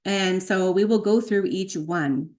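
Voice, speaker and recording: A woman teaching a spiritual practice, slowly chanting and repeating sacred sound names, with light laughs at her own slips. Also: medium pitch, a little mellow. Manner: chants tone names slowly, then explains briskly. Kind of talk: chanting lesson.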